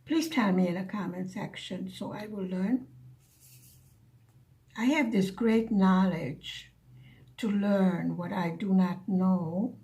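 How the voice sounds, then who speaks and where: Slow, soft-spoken woman chatting while crafting. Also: mid-range voice. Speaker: craft vlogger. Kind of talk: casual chat while diamond painting. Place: living in Hungary, at home.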